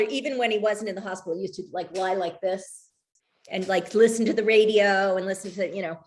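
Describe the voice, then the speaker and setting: A middle-aged woman speaking as an author guest, reflective and rambling, with frequent restarts and trailing thoughts. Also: medium pitch. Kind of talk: conversational talk over a video call.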